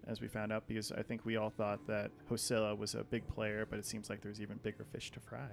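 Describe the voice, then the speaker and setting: A man playing a tabletop game, explaining his character's actions in a hesitant way with many pauses. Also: lowish voice, monotone, vocal fry. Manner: hesitant, many ums and restarts. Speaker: player. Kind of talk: casual chat in a tabletop game.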